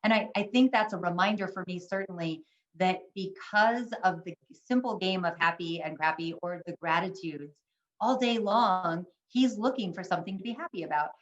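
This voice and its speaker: An older woman co-presenting an online workshop tells a family story earnestly, with lots of ums and restarts. Her voice is lowish and her pace normal. The video-call recording sounds muffled and echoey.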